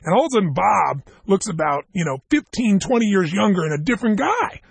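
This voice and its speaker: Motivational speaker, male, husky and dry, animated storyteller who acts out the lines. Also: sits high, brisk, dry recording. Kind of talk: storytelling seminar talk to a live audience.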